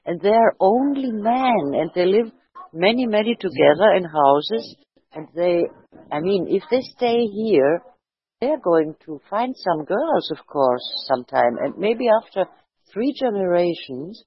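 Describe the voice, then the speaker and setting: A woman's voice: on the low side, lively intonation, a little slow, breathy edge, no room sound. Hesitant curious woman on a dull line. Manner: hesitant, repeats words, curious questions. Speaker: chat participant. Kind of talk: casual conversation.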